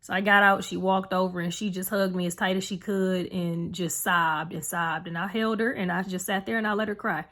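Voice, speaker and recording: A woman's voice: on the low side, flat delivery, a little fast, few pauses, a bit bright. A young woman vlogging to camera, telling a personal story in a rambling, earnest way full of fillers. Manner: emotional, heartfelt retelling.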